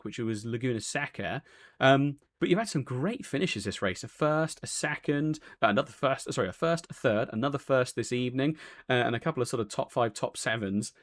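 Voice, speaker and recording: A man's voice: medium pitch, animated, a little fast, fairly bright tone. A man hosting a post-race interview, talking in a chatty, rambling way with lots of fillers and self-corrections. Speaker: race broadcast host.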